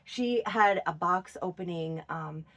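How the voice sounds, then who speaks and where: A woman's voice: on the low side, fairly bright tone. A woman, chatting casually and gushing over her collection. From Minnesota. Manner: gushing, doting, with drawn-out praise. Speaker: doll collector vlogger. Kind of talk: casual chat to viewers.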